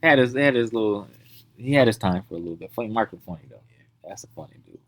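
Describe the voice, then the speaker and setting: A man's voice: lowish voice, rapid-fire, no echo. A man co-hosting a podcast in casual chat, telling funny stories and acting out the people in them, swearing freely. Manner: animated storyteller, acts out quotes, swears freely. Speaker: podcast co-host.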